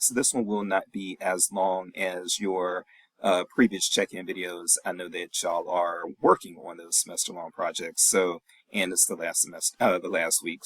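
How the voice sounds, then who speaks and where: A man who is a professor giving a recorded weekly check-in lecture to his class, in a relaxed, reassuring, chatty way with many fillers. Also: sits low, dry recording, low-quality recording.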